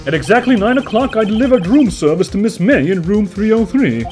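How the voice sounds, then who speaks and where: A man's voice: high-pitched, animated, brisk, a little mellow, soft background music, pitched above the performer's own voice. A man voicing a nervous, evasive male hotel room-service worker in a game playthrough, stammering and overly polite.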